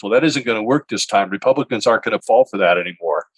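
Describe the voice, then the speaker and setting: A man's voice: lowish voice, lively intonation, fast talker, breathy edge, no room sound. A man hosting a political talk show, blunt and combative, cursing freely. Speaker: podcast host.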